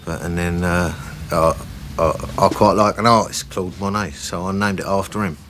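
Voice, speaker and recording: Deep-voiced shopkeeper. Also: male voice, fairly even intonation, moderate pace, a bit bright, a little hiss or hum. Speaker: shoe shop owner.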